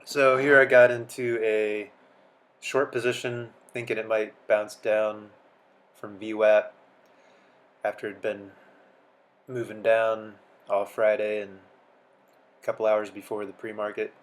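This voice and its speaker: A man's voice: lowish voice, level tone, a little slow, long pauses. A man talking casually through his trading session, sounding sleepy as though he just woke up. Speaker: day trader. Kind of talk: casual trading commentary and voice-over.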